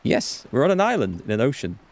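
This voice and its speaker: A man reading the lines of a calm, thoughtful older woman in a game, using a slightly raised voice that stays close to his own. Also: mid-range voice, quick pace.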